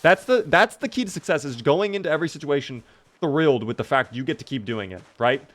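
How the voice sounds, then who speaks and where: A man's voice: a little high, lively intonation, fast, a bit bright. A man streaming a video game live, chatting upbeat with his viewers as he plays. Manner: upbeat, chatty, talks to himself and chat.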